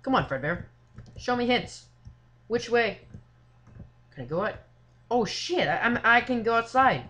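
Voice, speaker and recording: Gamer voice for a horror playthrough: animated pitch, foul-mouthed, filler-heavy chatter, loud outbursts. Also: measured pace, pauses often. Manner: swears a lot, shouts at jump scares; filler-heavy, says "like" and "seriously" often. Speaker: gamer playing a horror game. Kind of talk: let's play commentary.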